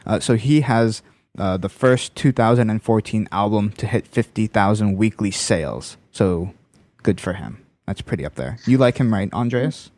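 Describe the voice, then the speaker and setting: Easygoing Canadian podcast host, low voice. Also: male voice, expressive, moderate pace, darkish tone, dry recording. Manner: easygoing, leads the talk. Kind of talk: casual chat.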